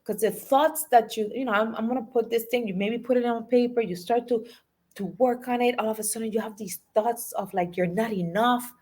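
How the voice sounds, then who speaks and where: A woman's voice: fairly high pitch, steady tone, fairly quick, a little mellow. A woman life and business coach giving a motivational talk, emphatic, repeating key phrases and asking her audience questions.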